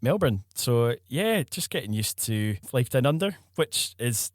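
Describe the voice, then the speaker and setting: A Scottish man in his thirties, a podcast guest, telling stories in a relaxed way with plenty of fillers. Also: medium pitch, measured pace, dry recording, clean studio sound. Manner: relaxed storytelling with many fillers. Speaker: guest, football filmmaker. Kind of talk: casual podcast chat.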